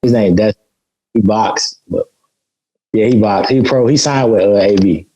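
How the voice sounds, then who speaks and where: A man's voice: fairly low pitch, normal speed, dark tone, slightly rough, muffled recording. A man from Chicago, a boxer guest on a podcast, telling stories in a laid-back way with lots of fillers. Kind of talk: casual podcast chat.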